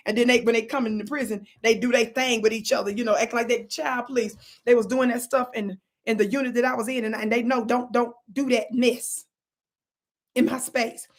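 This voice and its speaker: Animated high-voiced woman telling a story. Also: quick pace. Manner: animated, repeats "watch this", drops to whispers for quotes. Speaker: channel host. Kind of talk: storytelling vlog.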